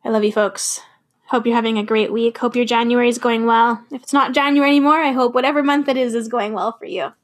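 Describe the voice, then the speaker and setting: A woman with a somewhat high voice talks frankly about sobriety. She is emphatic and repeats firm affirmations, and she swears freely when she makes a point. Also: steady tone, fairly quick. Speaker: podcast host. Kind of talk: personal sobriety talk with spoken-word poem.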